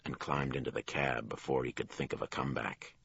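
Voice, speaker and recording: A man narrating a crime thriller audiobook in a measured storytelling manner. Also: extremely low pitch, fairly even intonation, vocal fry, a bit bright, muffled recording, slight background noise. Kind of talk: scripted narration.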